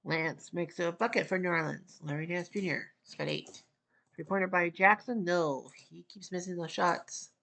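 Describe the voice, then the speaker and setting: A woman from Canada, her voice low and full of vocal fry, calls a basketball video game as a casual solo play-by-play commentator. The calls are clipped and rapid, with wry asides, and she gets more excited near the end.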